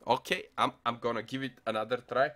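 A young man casually commenting on a mobile game as he plays, excitable, muttering to himself and swearing often. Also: mid-range voice, moderate pace, slight background noise. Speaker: gaming channel host. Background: faint music playlist.

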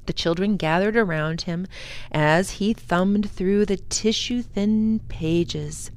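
A woman reading a story aloud to children in a soft, unhurried storytelling voice. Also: mid-range voice, no room sound. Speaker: library storytime reader.

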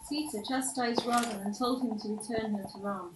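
A woman calmly narrating a live stage play, heard far off in an echoey hall. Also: on the high side, a little fast, noisy background. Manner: calm storytelling.

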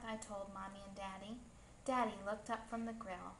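A woman reading a picture book aloud to children in a slow, gentle storytelling manner. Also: a little high, gravelly, a little hiss or hum. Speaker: storybook reader. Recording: echoey room, faint ambience.

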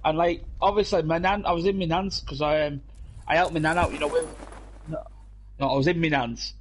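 A man's voice: on the high side, fairly even intonation, fairly quick. A young British man in casual banter while gaming, telling rambling stories full of swearing and laughs into a headset at home. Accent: British English. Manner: rambling, profane storytelling with frequent laughs. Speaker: gamer streaming with friends.

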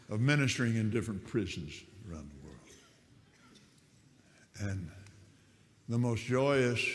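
An older man, a prison minister, telling a testimony story with animated, stumbling repetitions. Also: on the low side. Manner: animated, repeats and restarts words. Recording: long hall reverb.

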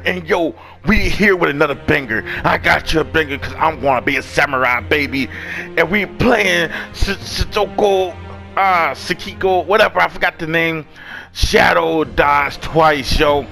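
A young man casually commenting on his gameplay, loud and excitable, cursing and trash-talking the enemies. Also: on the high side, normal speed, creaky, soft background music. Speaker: gaming channel host.

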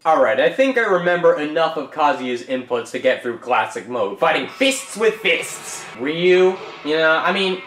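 A young man giving profane, jokey commentary over a fighting game, often yelling and swearing at his opponents. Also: fairly high pitch, sing-song, moderate pace, hardly any pauses. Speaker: gaming YouTuber. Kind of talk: gameplay commentary. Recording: roomy room echo, game music behind. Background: game music.

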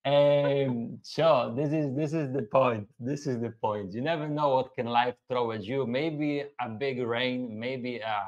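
A man's voice: mid-range voice, measured pace, few pauses, a little mellow, highs cut off. Earnest man hosting a live Q&A. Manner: earnest, repeats key phrases for emphasis. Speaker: host. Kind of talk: casual live Q&A.

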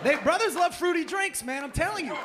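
Male stand-up, brash and profane, high voice, noisy club mic. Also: animated, brisk, crowd noise. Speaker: stand-up comedian. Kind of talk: live stand-up comedy. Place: comedy club stage in New York. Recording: noisy live club recording.

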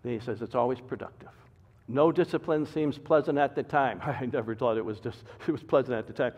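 An older man, a pastor, preaching a sermon with sudden loud emphatic bursts and soft asides. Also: mid-range voice, brisk. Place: church sanctuary. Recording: dull reverberant church recording.

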